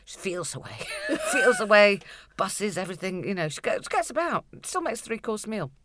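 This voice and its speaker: A woman's voice: medium pitch, sing-song, normal speed. A middle-aged woman co-hosting a podcast, telling family stories in casual chat, laughing often and swearing freely. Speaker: podcast co-host.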